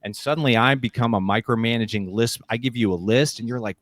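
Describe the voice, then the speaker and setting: A middle-aged keynote speaker and leadership coach, guesting on a podcast interview, tells energetic stories and acts out the voices of people he quotes. His voice is medium-pitched and a bit bright, he speaks quickly, and the studio-quality recording has no room sound.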